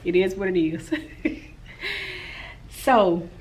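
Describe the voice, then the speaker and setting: A woman's voice: fairly low pitch, steady tone, normal speed, a little hiss or hum, low-quality recording. A woman in her forties, a teacher, recapping her day in a casual, rambling vlog. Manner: rambling and talkative.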